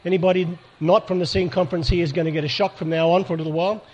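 Talking very fast in a high-pitched, steady, slightly mellow voice, a man leads a live workshop at a church conference, though the recording is muffled. He's pastoral and direct, asking the audience to raise their hands.

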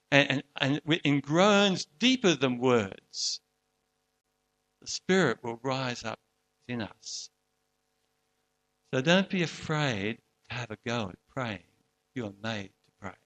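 A man's voice: medium pitch, fairly bright tone. A man preaching a sermon in an earnest, conversational way, often restarting and asking rhetorical questions.

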